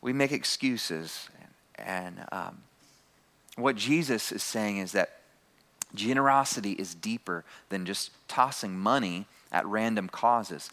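A man's voice: deep voice, a bit bright. A man preaching a sermon to his congregation, calling out key phrases and having the room repeat them. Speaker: pastor.

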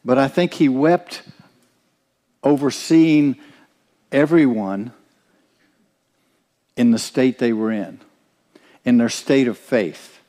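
A man's voice: mid-range voice, fairly even intonation, takes it slowly, long pauses, warm tone, big-room sound. A man preaching a sermon, earnest and direct, often turning to ask the listeners questions. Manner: earnest, asks the congregation questions.

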